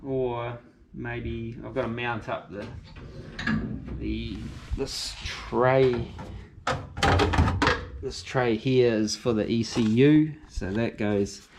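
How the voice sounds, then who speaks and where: A New Zealand-accented host of a car restoration channel films himself in a garage on a handheld camera, mic and all, thinking aloud and correcting himself as he works in a casual vlog. His medium-pitched voice is steady and a little mellow, with drawn-out words, vocal fry, and long pauses, over slight background noise.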